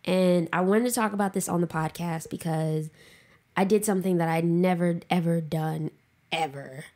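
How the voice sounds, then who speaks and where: A woman's voice: lowish voice, moderate pace, dark tone. A woman co-hosting a podcast, frankly telling a personal story with emotion, swearing freely and saying "like" a lot. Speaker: podcast co-host.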